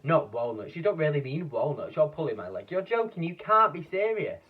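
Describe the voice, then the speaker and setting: A man reading aloud, voicing a shrill, disbelieving male monkey in a children's storybook. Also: very animated, brisk. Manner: shrieking, squeaky. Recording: dull, distant lo-fi recording.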